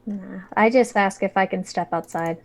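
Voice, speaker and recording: A woman's voice: mid-range voice, moderate pace, vocal fry, darkish tone, a little hiss or hum. A woman playing a tabletop game over a call, casual and full of fillers. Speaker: player. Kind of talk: tabletop role-play over a video call.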